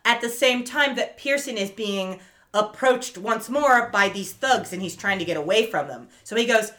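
A woman co-hosting a podcast, casually recapping an episode with lively storytelling, lots of fillers and the odd swear. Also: medium pitch, normal speed. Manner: animated storytelling, fillers and profanity. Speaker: podcast co-host.

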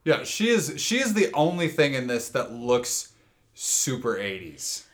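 A man's voice: medium pitch, very animated, measured pace, a bit bright. A man co-hosting a podcast, casually recapping an episode and chiming in with agreement. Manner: laid-back, chiming in with agreement. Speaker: podcast co-host.

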